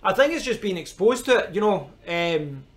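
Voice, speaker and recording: A Scottish man, his voice sitting a little high for a man, chats through a live stream in an easy, rambling way. He picks up viewers' comments and talks back to them. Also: very animated, normal speed, a bit bright. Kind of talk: casual live-stream chat.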